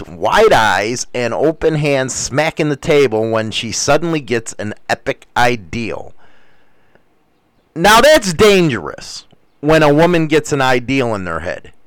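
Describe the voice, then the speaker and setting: A man in a livestream chat with a fairly high, very lively voice that swoops up and down as he talks. He goes slowly and rambles, dropping crude, profane jokes. The sound is dry and close, with no room around him. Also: no echo. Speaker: livestream host reading chat. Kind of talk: casual crude livestream commentary.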